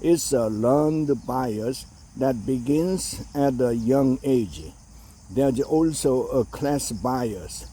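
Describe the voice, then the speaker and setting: A man reading an opinion essay aloud in a measured way, with the odd hesitation. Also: medium pitch, dark tone, slightly rough.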